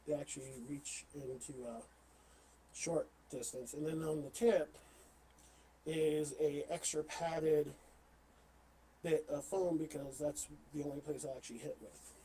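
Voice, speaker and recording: A man talking as a podcast guest in casual chat, halting, with many fillers and restarts. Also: fairly high pitch, fairly even intonation, dark tone, slight background noise, poor audio. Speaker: interview guest, LARP player.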